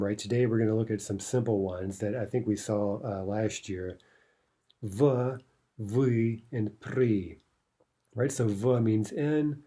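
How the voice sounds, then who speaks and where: A man's voice: fairly low pitch, warm tone. A man teaching Russian grammar in a recorded lesson, explaining step by step and often checking in with "right?". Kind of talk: recorded lecture walking through a workbook.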